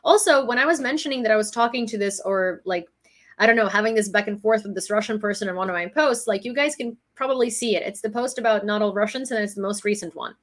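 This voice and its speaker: A woman's voice: mid-range voice, fast talker, a bit bright. A woman reading news summaries and breaking into exasperated commentary, from Ukraine. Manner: reads headlines, then rants with exasperation. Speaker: news vlogger.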